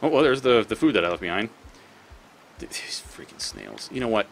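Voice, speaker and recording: Low-voiced man cursing at game creatures. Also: wildly swooping pitch, brisk, gravelly, a little hiss or hum. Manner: swears often, talks back at game creatures. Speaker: let's play host. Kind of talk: casual gameplay commentary.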